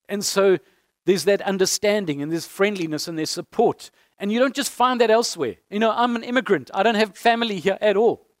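High-voiced earnest male pastor preaching. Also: dry recording, studio quality. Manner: earnest and heartfelt, repeats key phrases for emphasis. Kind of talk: sermon.

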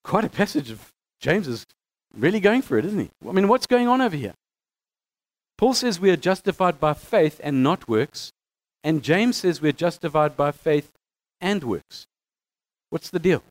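A man teaching a Bible lesson in a conversational way, stumbling over restarts and reading passages with lively emphasis. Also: fairly high pitch, normal speed, pauses often. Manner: conversational, animated when reading quotes, some stammering restarts.

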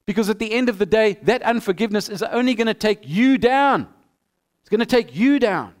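A man preaches a sermon in a high voice. His tone is clear and smooth. He acts out little dialogues with animated energy. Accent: non-local accent. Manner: animated preaching, acting out both sides of a dialogue. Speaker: pastor.

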